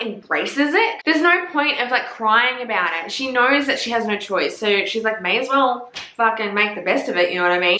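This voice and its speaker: A young woman, chatting casually and sassily about books, swearing freely. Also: mid-range voice. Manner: sweary, sassy and animated. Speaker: book reviewer. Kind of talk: casual chat. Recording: echoey room.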